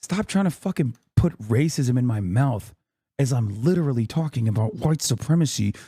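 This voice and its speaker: Man, 30s, streamer; mellow, dry voice, swearing and exasperated, reading out his chat. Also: mid-range voice, animated, normal speed, breathy edge, dry recording. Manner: profane, exasperated, talks straight to chat with repeated "okay?"; whisper-screams to keep from waking a neighbor. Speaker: streamer reacting to a speech. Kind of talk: heated live-stream rant to chat.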